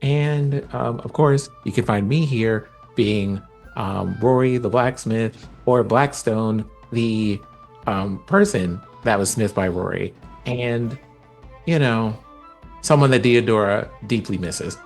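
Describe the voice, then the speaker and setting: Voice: medium pitch, slow pace, soft background music. Laid-back rambling game player. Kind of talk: casual stream chat.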